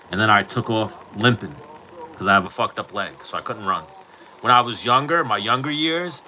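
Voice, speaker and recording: A middle-aged man with a very bright, sharp voice chats casually on a livestream, spinning animated stories and swearing freely as he acts out the people in them. He talks into his own mic, with a faint hiss of noise underneath. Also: on the low side, low-quality recording. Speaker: livestream host. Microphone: personal mic.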